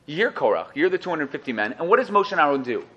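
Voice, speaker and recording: Through a muffled recording comes a slightly rough, somewhat high male voice talking fast. He is teaching a Torah class, storytelling with gusto, doing the characters' voices and joking with listeners.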